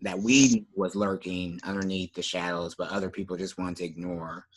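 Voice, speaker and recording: Low-voiced guy chatting loosely on a podcast, lots of ums, kinda trails off. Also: normal speed. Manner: relaxed, trailing off with fillers. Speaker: podcast co-host. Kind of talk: casual chat.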